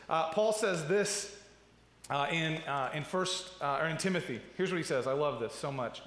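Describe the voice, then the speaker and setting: A pastor in his thirties preaching a sermon in a church, chatty and direct, often checking in with "right?" and dropping low and quiet when telling stories. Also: moderate pace. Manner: conversational preaching with asides and repeated "right?". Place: church sanctuary. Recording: roomy hall with long reverb.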